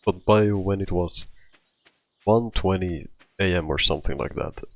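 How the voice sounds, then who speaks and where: A man's voice: deep voice, a little slow, fairly bright tone, no echo. A man telling a rambling personal story in casual talk, out of breath, often restarting his sentences. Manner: rambling, with many restarts and fillers. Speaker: storytime vlogger.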